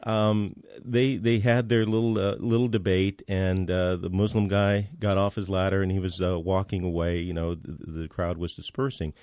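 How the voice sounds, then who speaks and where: A man as a podcast guest, telling a story in casual conversation, halting with many fillers and restarts. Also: low-pitched, level tone, darkish tone, no echo, studio quality.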